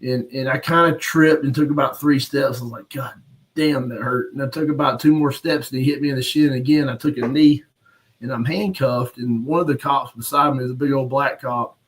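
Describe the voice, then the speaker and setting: A man telling a rough story in casual chat, blunt and profane, laughing at himself. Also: mid-range voice, steady tone, fairly quick, low-quality recording. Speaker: podcast host. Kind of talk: casual storytelling on a live stream.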